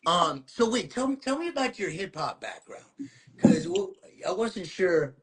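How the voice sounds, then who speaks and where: A man hosting a podcast, chatting in an excited, slangy way over a video call. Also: sits high, a little slow, crowd noise. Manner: excited, slangy, calls guest bro. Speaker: podcast host. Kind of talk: casual chat.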